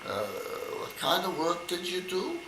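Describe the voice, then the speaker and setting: A man's voice: sits high, wildly swooping pitch, a little slow, reverberant, background noise, exaggerated voice. An older man voicing a nosy older woman who pries with question after question. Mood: prying. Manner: prying, questioning.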